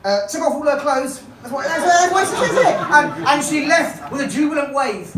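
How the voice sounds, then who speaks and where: A woman's voice: high-pitched, expressive, normal speed, crowd noise. A woman magician and comedian telling a comic story to a live audience, playful and coaxing a volunteer along. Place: comedy club stage. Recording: echoey room, voice from far off.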